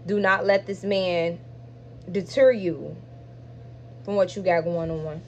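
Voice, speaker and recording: A woman giving a spiritual tarot reading, speaking emphatically and straight to her viewers, stretching out key words between quicker asides. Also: fairly low pitch, fairly even intonation, highs cut off, slight background noise. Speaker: tarot reader.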